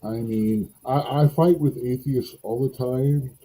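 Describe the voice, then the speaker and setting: A man's voice: medium pitch, slow, dark tone, breathy edge, low-quality recording. A man in a casual podcast conversation, musing and rambling as he tells a folktale, with self-deprecating asides.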